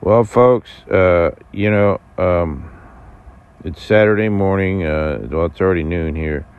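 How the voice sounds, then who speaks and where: A man's voice: low-pitched, darkish tone, clear, resonant tone. An American man ranting to camera in a rambling, profane way, full of fillers and restarts. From United States. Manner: halting with many fillers and restarts. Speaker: vlogger. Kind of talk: casual rant to camera.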